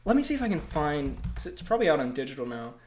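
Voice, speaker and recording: A man's voice: on the high side, big pitch swings, very fast, a little mellow, a little hiss or hum. A man in casual podcast conversation, his voice sitting a little above the usual male range. He rambles through fillers and breaks into laughter often. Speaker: podcast co-host. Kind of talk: casual chat.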